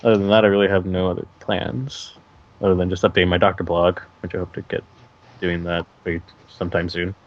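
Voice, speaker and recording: A man with a deep, low voice talks casually as an interview guest, rambling along with frequent fillers and restarts. The sound is dull and lo-fi, like an online call recording. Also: flat delivery, fast talker. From California. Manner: rambling, hesitant, many fillers. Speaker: guest voice actor.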